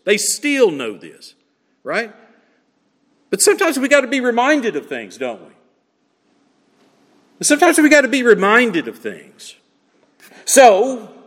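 A man preaching with a high, lively voice that swoops up and down as he drives each point home. He keeps asking the congregation short rhetorical questions. The sound carries a long reverb, as in a large sanctuary. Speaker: pastor. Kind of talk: expository sermon.

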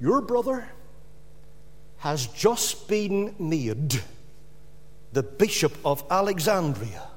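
A man voicing a scheming male devil who whispers temptations in a slow, insinuating way. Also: high voice, big pitch swings, a little mellow, full character voice.

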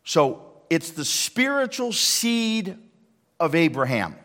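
A male pastor giving a sermon, swinging between hushed lines and loud emphatic ones. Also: a little high, sing-song, takes it slowly. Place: church sanctuary. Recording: long hall reverb.

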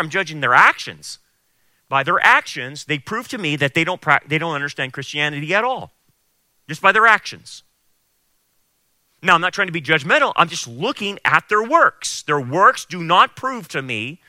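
Male pastor w/ a fairly high bright voice, punchy sermon, dry sound. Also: dry recording. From California. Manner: emphatic, repeats key phrases for stress.

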